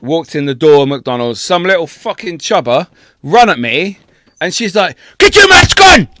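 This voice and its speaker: A man's voice: a little high, moderate pace, dry recording. Young guy on a podcast, swearing loads telling a trip story, dry close sound. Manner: sweary, animated anecdote telling. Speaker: podcast co-host. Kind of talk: casual storytelling chat.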